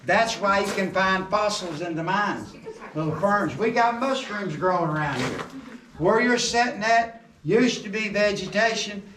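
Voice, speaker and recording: A man's voice: high voice, unhurried. A middle-aged man, guiding a tour through a coal mine and telling jokes and stories in a folksy way. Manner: folksy joking storyteller. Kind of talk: guided tour talk. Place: underground mine tunnel. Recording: roomy echo, distant camera, background noise.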